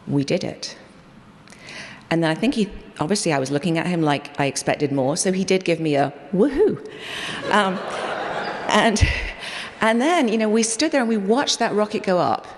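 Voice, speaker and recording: A woman's voice: fairly low pitch, lively intonation, fairly quick, slight background noise. A woman scientist giving a memorial tribute, telling stories animatedly with quoted dialogue. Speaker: project scientist sharing memories. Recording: long hall reverb.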